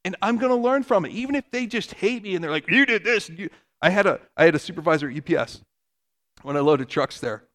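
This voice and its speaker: High-voiced pastor preaching conversationally. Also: male voice, fast talker, fairly bright tone. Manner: conversational, earnest, with asides and laughs. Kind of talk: sermon.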